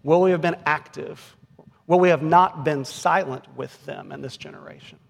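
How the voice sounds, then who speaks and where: Male pastor, forties, earnest sermon voice, a touch high, long church reverb. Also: normal speed, vocal fry. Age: 40s. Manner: earnest, rising to emphatic peaks. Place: church sanctuary.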